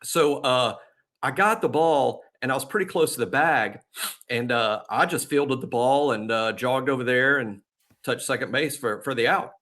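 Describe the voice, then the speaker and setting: A man's voice: medium pitch, moderate pace, fairly bright tone. Guy on a sports podcast, rambly, laughs a lot, lots of uhs. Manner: rambling, laughs often, many fillers and restarts. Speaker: podcast co-host. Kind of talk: casual sports chat.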